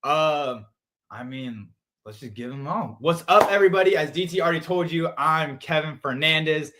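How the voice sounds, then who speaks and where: A young man from San Diego, a guest in a casual interview, telling stories with lively acted-out quotes. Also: normal speed, noisy background. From San Diego, California. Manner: animated, acts out quotes with big jumps in pitch and volume. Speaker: interview guest, reality show contestant.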